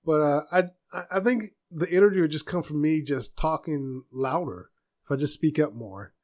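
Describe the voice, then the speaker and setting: A soft-spoken man hosting a casual solo podcast from a room at home, rambling with restarts. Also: on the high side, moderate pace. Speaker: podcast host.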